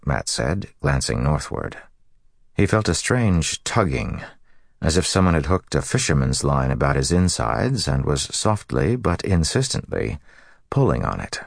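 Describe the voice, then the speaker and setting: A man narrating an audiobook in an even, measured reading. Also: rumbling low, vocal fry, dry recording, clean studio sound. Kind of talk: scripted narration.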